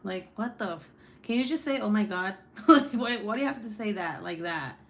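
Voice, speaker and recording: A woman's voice: mid-range voice, expressive, moderate pace, fairly bright tone. A young woman hosting a casual book club live stream, chatty and often laughing as she reads viewer comments aloud.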